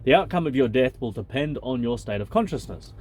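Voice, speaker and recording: A man alternates between reading a spiritual text aloud and adding his own blunt, swearing commentary. His voice sits at an ordinary middle pitch for a man. A faint background noise runs under the voice. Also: lively intonation, a little fast, darkish tone. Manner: blunt, swears freely, loose and conversational. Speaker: channel host.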